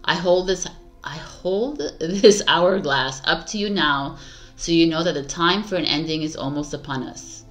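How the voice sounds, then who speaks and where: A woman reading aloud the words of a calm female witch from a tarot deck, solemn and measured. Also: low-pitched.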